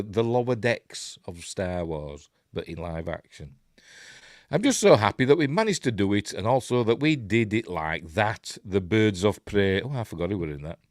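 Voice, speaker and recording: A man's voice: lowish voice, dry recording, clean studio sound. A man with a Yorkshire accent hosting a live-stream news show, reading stories aloud and adding chatty, sarcastic asides. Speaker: host.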